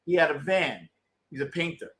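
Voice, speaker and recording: Host type: middle-aged New man, slightly higher voice, blunt and excitable live game chatter, swears freely. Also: normal speed. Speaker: postgame show host. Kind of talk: casual live game commentary with viewers.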